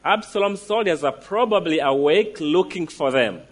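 A man preaching a sermon, emphatic, slowing down to stress declarations and asking the listeners direct questions. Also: a little high, animated.

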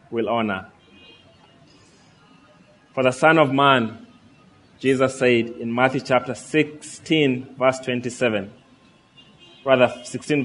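A man's voice: medium pitch, a bit bright. A man preaching a sermon, reading scripture aloud and earnestly asking his listeners questions.

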